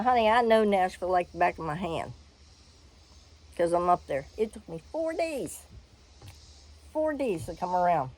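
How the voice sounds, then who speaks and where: An older woman telling a personal story in a frank, animated way, laughing and swearing freely. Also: lowish voice, rough recording.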